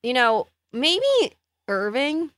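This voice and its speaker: A woman's voice: sits high, lively intonation, slow pace, bright, forceful tone, no room sound. A woman co-hosting a comedy podcast in casual chat, hesitant and trying to steer things back to the question. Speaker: podcast co-host.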